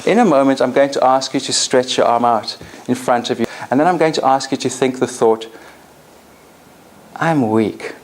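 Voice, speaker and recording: A woman trainer leading a live coaching demonstration in front of an audience, animated and directive. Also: very deep voice, fairly quick, few pauses, slight background noise.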